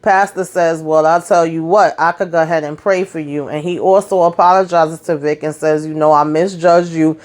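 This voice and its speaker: A woman's voice: deep voice, steady tone, normal speed, few pauses, a little mellow. A middle-aged woman casually recapping a TV episode for her viewers, acting out the characters' lines and talking straight to them. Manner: talks straight to viewers, "y'all", "boo", "child". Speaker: TV recap vlogger.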